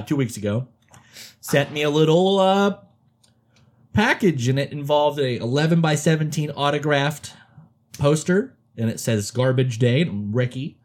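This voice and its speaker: A man co-hosting a casual podcast about horror movies, talking excitedly and laughing often. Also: fairly high pitch. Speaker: podcast co-host.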